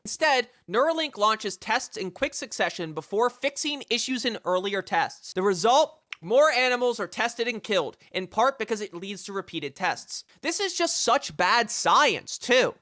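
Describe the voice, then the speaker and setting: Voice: medium pitch, sing-song, moderate pace, hardly any pauses, pushed and bright, no room sound, clean studio sound. A streamer giving live commentary on news reporting, reading passages aloud and reacting with sarcastic, profane rants.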